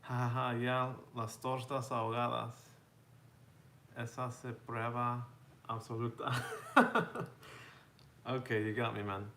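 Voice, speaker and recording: A man from the United States chatting casually as a live streamer, reading out viewer comments and answering them in a relaxed way, often laughing and calling people "bro" and "man". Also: medium pitch, a little slow, pauses often, slight background noise. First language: bilingual with Spanish, parents from Mexico. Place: home room.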